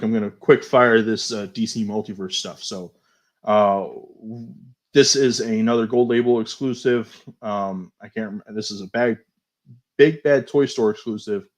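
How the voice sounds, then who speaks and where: A man hosting a toy show, casually going over new action figures, chatty and unhurried, often hedging and fumbling for names. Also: lowish voice. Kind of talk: casual toy news review.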